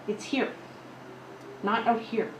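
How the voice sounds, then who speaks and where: A woman's voice: fairly high pitch, steady tone, slow. A woman earnestly giving the audience a brief, affirming message at a seminar. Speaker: speaker's partner addressing the audience. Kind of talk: short motivational address. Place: seminar room before a live audience. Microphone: handed microphone. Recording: echoey room with faint hiss.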